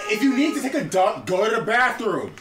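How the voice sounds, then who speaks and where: Very high voiced guy joking around over game music, echoey room, swings up and down a lot. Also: big pitch swings, fairly quick. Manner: teasing, loud outbursts. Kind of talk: casual gaming banter.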